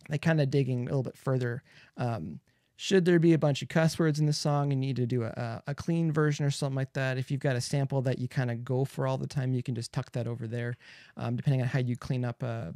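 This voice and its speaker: A man walks through a mix on a live stream in a loose, chatty way, full of ums and asides. His voice has a gravelly edge, and the sound is dry and close, with no room echo. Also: mid-range voice, darkish tone. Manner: casual, chatty, many fillers, explains step by step. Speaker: mixing engineer host. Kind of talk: live screen-share mixing tutorial. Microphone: close studio microphone.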